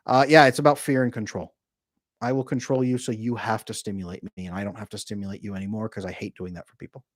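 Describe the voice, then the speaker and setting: A man's voice: lowish voice, steady tone, no room sound, studio quality. A man who coaches on relationships, chatting casually and joking as he answers viewer comments on a live Q&A from home. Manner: joking, chatty, quick to laugh. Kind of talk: casual livestream chat, reading viewer comments. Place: home room with a bookshelf behind him.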